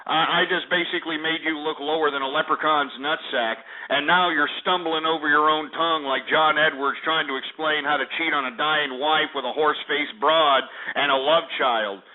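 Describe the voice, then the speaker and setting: Ranting talk radio host, tinny sound. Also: male voice, fairly high pitch, fairly even intonation, moderate pace, few pauses. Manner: ranting, profane and insulting. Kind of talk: call-in talk radio rant. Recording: tinny phone-like radio archive.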